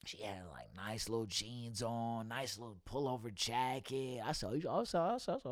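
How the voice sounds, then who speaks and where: A man's voice: mid-range voice, animated, normal speed, hardly any pauses, no room sound, clean studio sound. A young man hosting a casual podcast, talking loosely and profanely about his work as a substitute teacher and laughing often.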